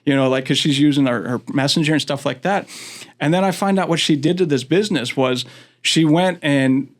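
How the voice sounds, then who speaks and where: A man's voice: on the high side, a little fast. Laughing Florida man telling stories. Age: adult, father of school-age daughters. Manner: rambling, laughs often, acts out quotes. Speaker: guest, county commission candidate. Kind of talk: casual storytelling chat.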